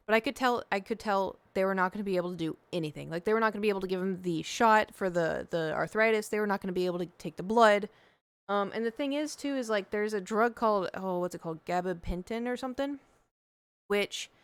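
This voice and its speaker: A young woman tells a story on her stream, chatty and animated, jumping in and out of quoted voices. Her voice is smooth and clear, with a dry, close sound. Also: mid-range voice, no echo. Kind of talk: casual storytelling on a livestream.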